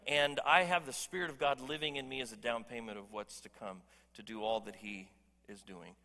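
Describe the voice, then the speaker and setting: A man's voice: medium pitch, steady tone, brisk, sharp tone, big-room sound. A man preaching a sermon as pastor, emphatic and conversational, joking with his congregation. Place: church hall.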